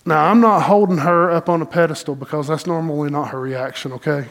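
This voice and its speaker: A middle-aged pastor, preaching a sermon in an animated, folksy storytelling way with dramatic pauses. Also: male voice, fairly high pitch.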